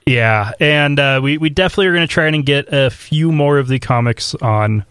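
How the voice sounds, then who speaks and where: A man co-hosting a casual podcast, talking with many fillers and restarts, then walking through a topic in a steady explaining voice. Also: on the high side, normal speed, clear, resonant tone, dry recording, studio quality. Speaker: podcast co-host. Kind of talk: casual chat and explainer segment.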